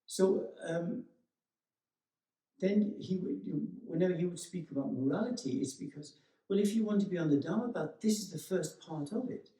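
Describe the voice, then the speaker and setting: A man giving a meditation teacher's dharma talk in a gentle, reflective way, with many pauses and restarts. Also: high-pitched. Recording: echoey room, voice from far off.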